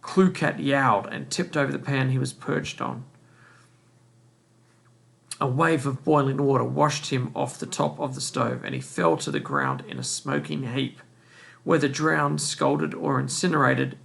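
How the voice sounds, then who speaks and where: Man reading a novel aloud, gravelly. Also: mid-range voice, unhurried, fairly bright tone. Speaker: reader.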